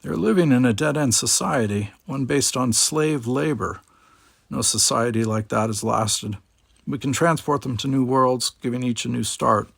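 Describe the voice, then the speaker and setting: A man voicing a calm, logical alien officer who speaks formally. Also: mid-range voice, moderate pace, vocal fry, dry recording.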